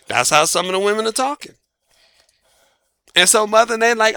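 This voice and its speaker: Folksy high-voiced man with gravel. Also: a little fast, pauses often, bright, forceful tone, no room sound, studio quality. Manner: folksy, emphatic, laughs at own jokes. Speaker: dating advice host. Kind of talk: casual monologue.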